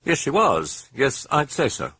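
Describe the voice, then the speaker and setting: A man voicing a brisk, busy doctor with a clipped way of speaking. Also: mid-range voice, wildly swooping pitch, sharp tone, slightly rough, dry recording, pitched above the performer's own voice, heavily acted.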